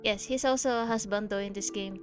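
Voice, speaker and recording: A woman's voice: medium pitch, fairly even intonation, fairly quick, soft background music. A woman streamer chatting casually over gameplay, gushing, with many fillers and giggles.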